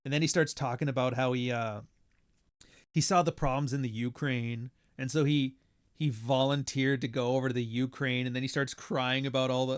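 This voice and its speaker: Canadian male podcast host, mid-pitched, sardonic and foul-mouthed, ranting in a dead room. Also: moderate pace, clean tone, no room sound, studio quality. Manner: profane, blunt, sardonic. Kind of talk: casual podcast rant.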